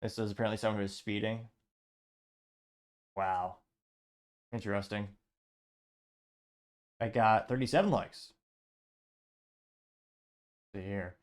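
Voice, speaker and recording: A man's voice: lowish voice, slow pace, pauses often. A man hosting a commentary show, reading social media posts aloud and adding offhand remarks. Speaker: show host.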